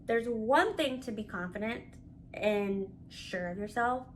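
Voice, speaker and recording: A woman vlogger telling a story in a casual, animated and candid way, swearing freely. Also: fairly high pitch, unhurried, slight background noise.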